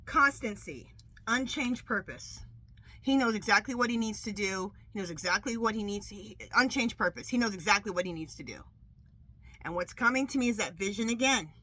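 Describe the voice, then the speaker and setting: A middle-aged woman hosting a casual tarot vlog, chatty and animated, saying "okay?" constantly and laughing often. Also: mid-range voice, normal speed, rough recording. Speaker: tarot reader and channel host. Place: outdoors at home.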